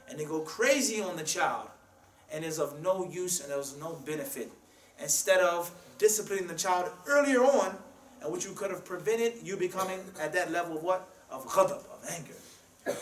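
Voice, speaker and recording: Emphatic preacher in an echoey mosque. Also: male voice, sits high, a bit bright. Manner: emphatic, rhetorical questions, quotes Arabic. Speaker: imam giving a talk. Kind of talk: mosque sermon. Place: mosque hall. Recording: roomy hall sound from a distance.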